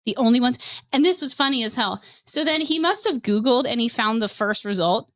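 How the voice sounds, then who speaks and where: A woman's voice: a little high, lively intonation, brisk, a bit bright. A woman hosting a podcast, ranting in a blunt, profane and sarcastic casual way. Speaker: podcast host.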